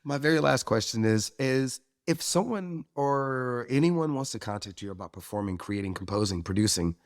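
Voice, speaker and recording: A man hosts an interview and asks his questions in a loose, chatty way, often circling back to rephrase them. He laughs along easily with his guest. His voice sits at an ordinary male pitch. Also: lively intonation, normal speed. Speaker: interview host. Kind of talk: casual interview.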